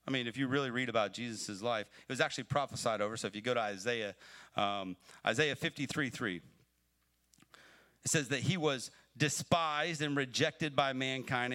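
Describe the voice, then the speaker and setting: A man preaching a sermon on a livestream, talking to his viewers like a friend. His voice is bright and a little strained. He builds from easy conversational explanation to fervent, pleading emphasis. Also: medium pitch. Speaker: pastor. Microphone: livestream mic.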